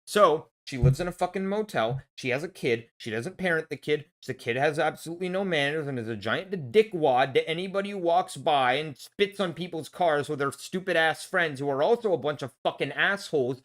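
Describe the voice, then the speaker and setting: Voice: mid-range voice, brisk, few pauses, a bit bright. A vlogger ranting in a casual film review, angry and blunt, swearing heavily and restarting when worked up.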